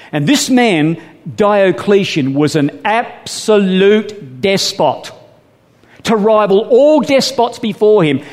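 A man's voice: sits high, a little mellow. Emphatic preacher man in a reverberant hall. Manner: emphatic, repeats "brothers and sisters"; stretches key words slowly, then rushes. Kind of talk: sermon.

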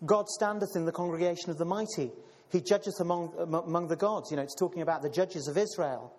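A man's voice: fairly high pitch, fast, a little mellow. A man preaching a sermon and reading scripture, calling listeners brothers and sisters, with many fillers and repeated words. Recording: long hall reverb.

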